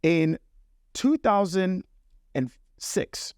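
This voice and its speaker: A man's voice: sits high, lively intonation, extremely slow, darkish tone, clean tone, no echo, clean studio sound. A middle-aged man hosting a business talk, telling a personal story in a casual, conversational way and speaking straight to the listener. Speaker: podcast host.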